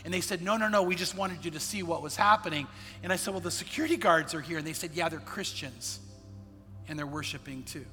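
A man, a pastor, telling a personal story in a sermon, earnest and dropping quiet in the sad parts. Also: fairly high pitch, quick pace, big-room sound, soft background music. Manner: earnest storyteller, quotes others in his own voice, drops quiet in sad parts.

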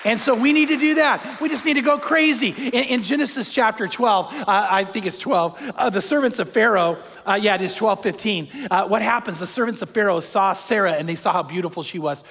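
High-voiced older male pastor preaching. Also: a little fast, gravelly, few pauses, a faint crowd. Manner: animated storytelling, acts out quotes. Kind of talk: sermon. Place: church hall with long reverb. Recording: reverberant hall.

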